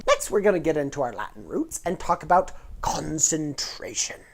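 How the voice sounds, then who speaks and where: Playful woman with lively, lowish pitch. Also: normal speed, a little hiss or hum. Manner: playful, nerdy, explanatory. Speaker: host. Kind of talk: casual educational vlog.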